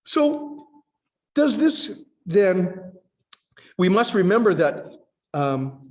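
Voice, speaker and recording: A man's voice: sits high, very animated, drawn-out words, long reverb tail. A man preaching a sermon, teaching in a conversational tone as he reads scripture aloud and acts out voices.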